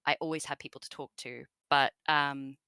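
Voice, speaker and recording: A woman's voice: very deep voice, fairly even intonation, moderate pace, pushed and bright, clean tone, no echo. A woman with an Australian accent, a guest in an interview, chatting casually with many fillers and laughs.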